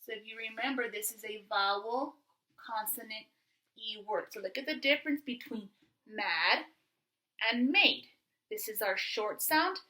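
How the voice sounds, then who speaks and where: Female grade-school teacher, bright and slightly high, patient, enunciating for young children. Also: moderate pace, low-quality recording. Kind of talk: remote classroom lesson.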